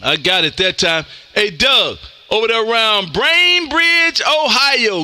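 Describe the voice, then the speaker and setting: A man from Texas, a ham radio operator streaming live, talking loud and energetic as he makes contacts and calls "man" after almost every phrase. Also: sits high, slow pace, background noise. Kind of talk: on-air radio contacts and chat. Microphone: close studio mic with headphones.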